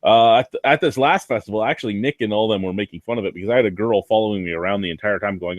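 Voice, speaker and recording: A man's voice: lowish voice, fast, hardly any pauses, no echo. A man guesting on a casual chat, telling stories in a dry, self-deprecating, sweary way from a basement. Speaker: guest reviewer.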